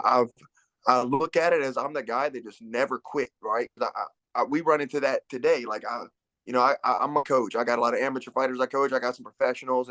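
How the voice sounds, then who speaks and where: A man's voice: mid-range voice, fairly bright tone, no echo. Laid-back man telling fight stories. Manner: laid-back storyteller, many fillers and restarts. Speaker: UFC fighter guest. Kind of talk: casual podcast interview.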